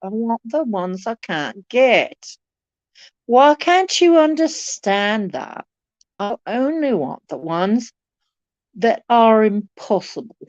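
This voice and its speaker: A woman putting on a swooning, melodramatic lovelorn woman with drawn-out, theatrical pleading. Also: fairly high pitch, big pitch swings, dry recording, dull audio, voice pushed up.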